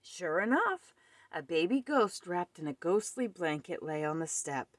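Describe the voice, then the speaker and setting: A woman reading a children's picture book aloud at home with expressive storytelling. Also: lowish voice, unhurried, no echo.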